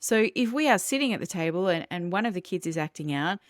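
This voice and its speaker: A woman with a lowish voice, talking earnestly as a guest on a podcast. She lays out her ideas about children step by step and acts out vivid everyday examples. The sound is dry and close. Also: animated, fast, no echo. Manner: earnest, explanatory, with vivid role-played examples. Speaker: parenting educator guest. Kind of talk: podcast interview.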